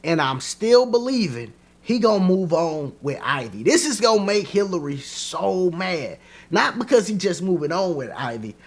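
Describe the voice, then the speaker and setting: Man, casual TV review, animated, lively pitch, slightly high voice, acts out lines. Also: normal speed. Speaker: TV show reviewer.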